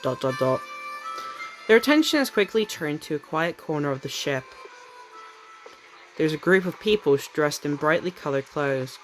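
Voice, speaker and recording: A woman's voice: deep voice, animated, moderate pace, long pauses, faint music behind, rough recording. Casual woman reading a game aloud. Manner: casual, chatty asides. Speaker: streamer.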